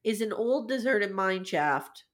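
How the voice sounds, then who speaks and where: Lively, giggly woman podcaster. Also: medium pitch, unhurried. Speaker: podcast co-host. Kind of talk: casual chat.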